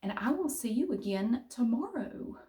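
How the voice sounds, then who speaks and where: A middle-aged woman, telling a story casually in a chatty, animated way with mild cussing. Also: on the high side, normal speed. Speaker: vlogger. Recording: roomy echo.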